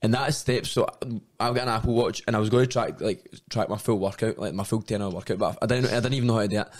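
A man's voice: fairly low pitch, fast talker. A Scottish man co-hosting a podcast, telling rowdy stories in casual chat, swearing freely and laughing often. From Scotland. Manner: animated storyteller, swears a lot, laughs often. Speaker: podcast co-host.

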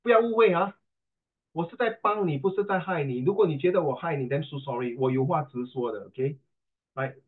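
Heard over a tinny video call, this middle-aged man speaks fairly quickly, his voice on the high side. With a Singaporean English accent, he teaches pronunciation online, teasing and chatting and occasionally switching to Mandarin.

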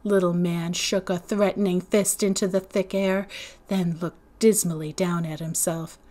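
A woman's voice: little pitch movement, unhurried. A woman, a teacher, reading a novel aloud to students, raising her voice for the children's lines. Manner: acts out the children's lines in higher, louder voices. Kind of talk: read-aloud storytelling.

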